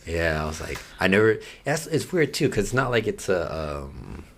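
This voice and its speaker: A man with a very low, deep voice talks as a guest on a casual podcast. He rambles in an easygoing way, looping back with fillers as he tells his stories. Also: big pitch swings, moderate pace, creaky, background noise. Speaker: guest skateboarder. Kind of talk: casual interview chat.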